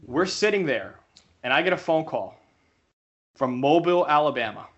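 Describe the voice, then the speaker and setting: A man's voice: on the high side, moderate pace, muffled recording, crowd noise. A young man co-hosting a podcast, telling a story casually and acting out the voices he quotes. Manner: animated, acts out quoted voices. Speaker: podcast co-host.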